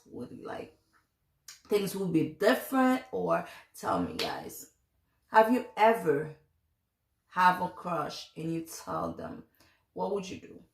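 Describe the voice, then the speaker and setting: A young woman in her twenties talks straight to her viewers, sharing a personal story in a loose, confiding ramble. Her voice sits on the low side with a gravelly edge, and she takes her time. The sound bounces around an echoey room. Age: 20s. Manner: chatty and confiding, rambling with fillers. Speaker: vlogger. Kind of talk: casual storytelling to camera.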